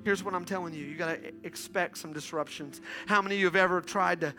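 A male pastor preaches with a very high, bright, ringing voice, urging the congregation along again and again with call-and-response prompts. A soft guitar plays underneath his sermon. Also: steady tone, fast, few pauses. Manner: urgent call-and-response preaching, repeated "come on".

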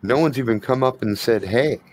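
A man with a fairly low voice runs a tabletop game. He narrates in a measured, hesitant way, stopping for fillers as he sets the scene. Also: rough recording. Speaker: game master.

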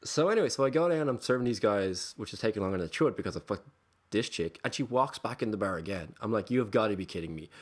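A man who works as a bartender, telling a story on a podcast, animated, swearing freely and often restarting his sentences. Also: on the low side, fast talker, breathy edge. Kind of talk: casual storytelling.

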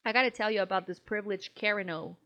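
Speaking fast at a medium pitch, this podcast co-host spins a story in relaxed chat, cursing liberally and performing other people's quotes with animation. Her audio sounds dull and lo-fi.

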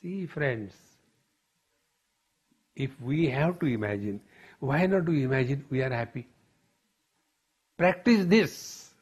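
A man's voice: mid-range voice, lively intonation, takes it slowly, long pauses, a little mellow, breathy edge. A man giving a spiritual discourse as a teacher, telling stories in a playful way and often addressing the audience as friends.

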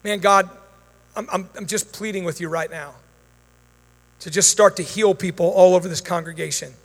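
A man's voice: sits high, fairly even intonation, moderate pace. A man preaching and praying over a congregation, fervent and commanding in prayer, chatty in his asides. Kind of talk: sermon with prayer and Q&A. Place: church hall before a congregation. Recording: long reverb of a large hall.

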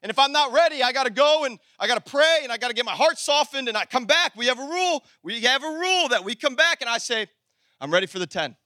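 Man, pastor, animated sermon, very high voice, dry close sound. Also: fast talker, hardly any pauses, no room sound. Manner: animated preaching, swings from shouted emphasis to low asides; talks to the congregation directly, conversational.

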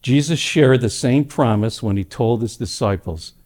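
A male pastor preaching a sermon at a church service, telling stories with animated delivery that swings between loud emphatic lines and hushed ones. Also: mid-range voice, normal speed.

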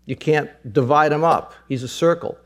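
A middle-aged male pastor preaching with fervour, his voice fairly high for a man. He repeats his phrases for emphasis and climbs to excited, soaring peaks before dropping back to a quiet, earnest tone. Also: moderate pace. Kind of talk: sermon.

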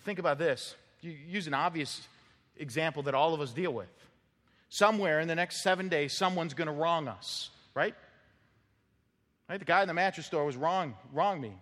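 A man preaching a sermon as pastor, animated, acting out quoted voices and repeating words as he builds up. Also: fairly high pitch. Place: church sanctuary. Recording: long reverb of a church hall.

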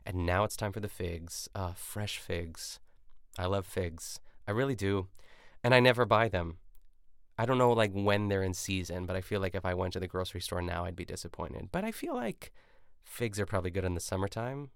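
A man hosting a podcast, casually recapping a cooking show in a rambling way, full of "like" and quick self-corrections. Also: fairly low pitch, clean tone, no echo, clean studio sound. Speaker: podcast host.

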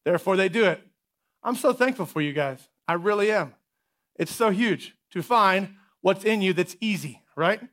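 High-voiced energetic male pastor. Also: moderate pace. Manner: energetic, conversational, repeats questions for emphasis. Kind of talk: sermon.

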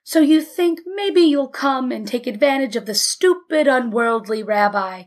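A woman's voice: sits high, animated, a little slow. A woman voicing a large, stern rabbi in a storybook reading, ironic and scolding. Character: large stern middle-aged male rabbi.

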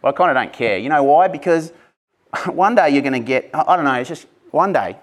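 A man's voice: a little high, expressive, a little fast. A man preaching an Easter sermon in a church, passionate and conversational, breaking off into casual asides. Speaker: pastor.

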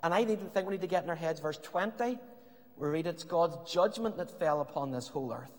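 A man preaching a sermon with impassioned, emphatic lines that sometimes drop to a hush. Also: on the high side, expressive, brisk. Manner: impassioned preaching, rising emphatic lines, some hushed passages. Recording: long reverb of a hall.

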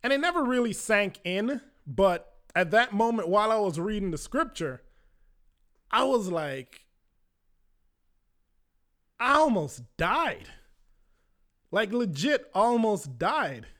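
A man's voice: high voice, expressive, unhurried, fairly bright tone. Casual young man telling a story. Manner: conversational, lots of "like" fillers, acts out quoted voices.

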